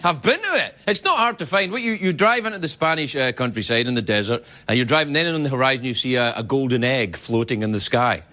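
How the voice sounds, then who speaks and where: A man hosting a late-night talk show, delivering an animated, joking comedy monologue on a TV studio stage. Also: medium pitch, fast, few pauses. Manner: animated, joking, jumps into silly voices. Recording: loud studio audience laughter and noise.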